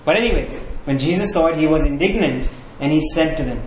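Male pastor, sermon, earnest, conversational, fairly high voice, faint background hiss. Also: lively intonation, brisk, few pauses. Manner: earnest, conversational, often adds "right?". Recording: roomy echo.

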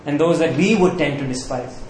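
A man's voice: on the high side, fairly quick, a little mellow, a little hiss or hum. A man preaching a sermon as pastor in a conversational, earnest way, often checking in with the listeners. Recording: roomy echo.

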